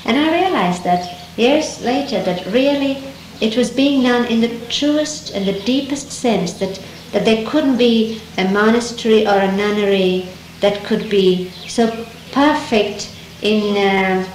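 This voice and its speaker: A middle-aged woman, a native Dari speaker, recalls memories in a gentle, reflective way, pausing and restarting often. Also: on the high side. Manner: gentle, unhurried, reflective, with many pauses and restarts. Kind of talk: reminiscing storytelling talk. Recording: roomy archival 1970s tape with faint hiss.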